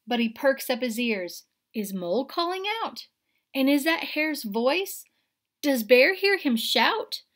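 She speaks slowly in a high voice, a kindergarten teacher sharing a picture book aloud with small children. Her reading is expressive, sinking to a hush at the scary bits, and she pauses to ask the kids questions.

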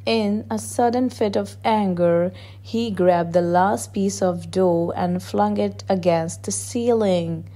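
A woman narrating a children's picture book aloud in a gentle, measured storytelling voice. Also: mid-range voice.

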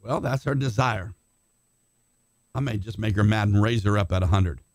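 An older man preaching a sermon with passion, rising to shouts and calling on listeners by name. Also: fairly low pitch, moderate pace, no echo. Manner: impassioned, shouting climaxes, calls on congregation by name.

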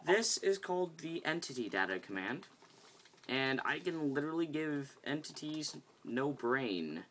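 A woman with a very deep voice that still carries a bright, forward edge. She talks through a game tutorial in a casual, rambling way, often sidetracked mid-sentence. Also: sing-song, measured pace. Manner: rambling, easily sidetracked, chatty. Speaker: video game tutorial host.

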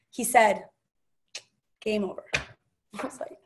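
A woman's voice: a little high, normal speed. A woman hosting a casual team call, telling stories and quoting people in a chatty, gushing way. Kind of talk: casual storytelling chat.

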